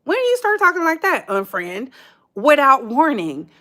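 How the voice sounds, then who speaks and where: A woman's voice: very high-pitched, wildly swooping pitch, brisk, bright, forceful tone. An American woman hosting a casual commentary channel, talking in a sassy, emphatic way and calling her listeners "baby.".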